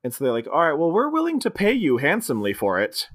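A man casually recapping a film on a podcast, quoting characters in quick put-on voices. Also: on the high side, huge pitch swings. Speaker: podcast co-host. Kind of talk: casual movie recap chat.

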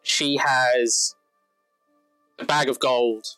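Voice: medium pitch, fairly even intonation, extremely slow, bright, forceful tone, clean tone, soft background music, poor audio. A game master narrating a tabletop game in a casual, meandering, self-deprecating way.

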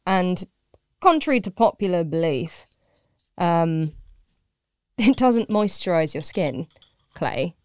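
A woman's voice: fairly low pitch, sing-song, takes it slowly, a little mellow, clear, resonant tone, dry recording, clean studio sound. A woman who teaches pottery, chatting casually as a podcast guest in a rambling, self-deprecating way with frequent laughs.

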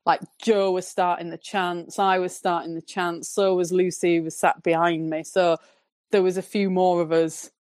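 Low-voiced Northern English woman. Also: moderate pace, no echo, clean studio sound. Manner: relaxed, rambling storytelling. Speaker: podcast guest, football fan. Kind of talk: casual podcast chat.

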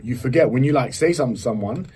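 A man's voice: mid-range voice, lively intonation, racing, dark tone, husky. A man from London, a podcast host who talks in a direct, reflective, laid-back way about his stage shows. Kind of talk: casual podcast chat.

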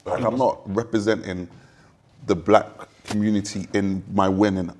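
A man's voice: fairly low pitch, fairly even intonation, normal speed, darkish tone, a little hiss or hum. A man, a dinner guest, explaining his view in a casual discussion and acting out imagined speech along the way.

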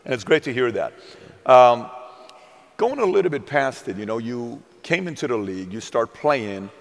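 A man hosting an interview, talking like an excited fan and tossing in sarcastic asides. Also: medium pitch, normal speed, gravelly, in a large hall. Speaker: interview host. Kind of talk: casual interview chat.

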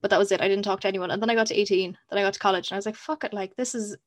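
Young woman, quick speech, candid, sweary, casual chat. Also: mid-range voice, little pitch movement. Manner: candid, sweary, laughs often.

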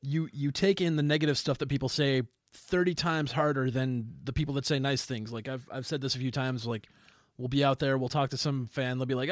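A man's voice: mid-range voice, fairly even intonation, a little fast, no room sound, clean studio sound. A young man co-hosting a casual podcast, blunt and opinionated with a self-mocking streak. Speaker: band member and podcast co-host. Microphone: studio microphone.

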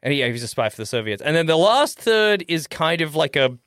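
A man's voice: on the high side, sing-song, brisk, a bit bright, dry recording. An Australian man co-hosting a casual movie review podcast, rambling and laughing as he trails off mid-thought. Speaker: podcast co-host.

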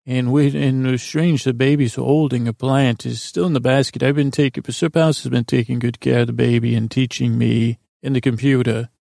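A man's voice: mid-range voice, fairly even intonation, normal speed, creaky, few pauses, dark tone, no echo, clean studio sound. A man telling an improvised bedtime story to children, meandering along with restarts. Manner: meandering, with many fillers and restarts.

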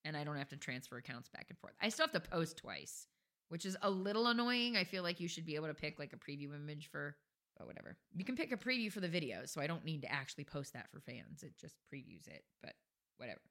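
A woman's voice: deep voice, very animated, fast, a bit bright. A woman co-hosting a podcast in casual chat, blunt and chatty, swearing casually. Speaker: podcast co-host.

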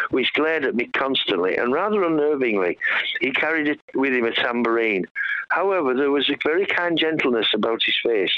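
A man's voice: medium pitch, no room sound, muffled recording. A male musician guest telling rambling, joking stories in a casual radio chat. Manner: rambling, joking, with many restarts.

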